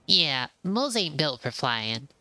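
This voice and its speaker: A woman's voice: low-pitched, sing-song, measured pace, pushed and bright, no echo, heavily acted. A woman voicing a chatty, easygoing male pigeon pilot, reading game dialogue aloud in a casual, slangy way. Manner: laid-back, casual slangy speech.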